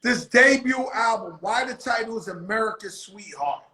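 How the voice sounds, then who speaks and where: A man's voice: sits high, lively intonation, moderate pace, bright, forceful tone, roomy sound, low-quality recording. A man hosting a casual interview, brash and swearing freely, talking hype. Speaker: host.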